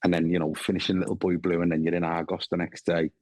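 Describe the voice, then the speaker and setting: A man's voice: low voice, little pitch movement, fast talker, a little mellow, no room sound. A man in his thirties with a Scouse accent, an actor chatting as a guest, swearing freely and often restarting. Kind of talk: casual chat.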